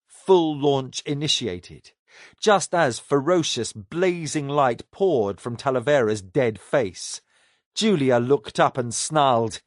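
A man narrates an audiobook with scripted, expressive delivery. His pitch moves widely and freely across each line. The sound is close and dry. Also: no echo. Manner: expressive, varied sci-fi reading.

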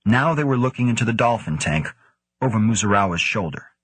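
Male audiobook reader, low and husky, steady pacing, dry booth sound. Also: a little fast, dry recording. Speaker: audiobook narrator. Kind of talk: scripted narration.

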